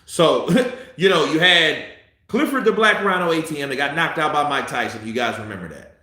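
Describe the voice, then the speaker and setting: A man giving profane, heated live commentary on a boxing fight, a little tipsy, swinging between muttering and shouting. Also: on the high side, expressive, moderate pace, heavy reverb.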